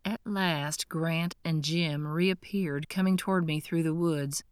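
A woman reading a first-person audiobook in a measured, tense, earnest way, close to the mic. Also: low voice, steady tone, smooth, no room sound. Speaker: audiobook narrator.

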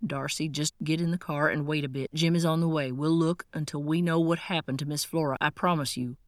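Lady reading a steady reassuring guy, firm and professional, a bit louder, dry sound. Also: sits low, a little fast, no room sound, natural voice. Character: calm, steady man reassuring a friend.

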